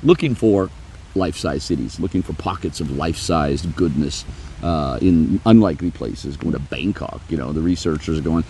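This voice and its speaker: A middle-aged man hosting a podcast, telling a story in a lively way and acting out the lines he quotes, with laughs in between. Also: deep voice, moderate pace, husky. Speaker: podcast host. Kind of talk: casual conversation, storytelling.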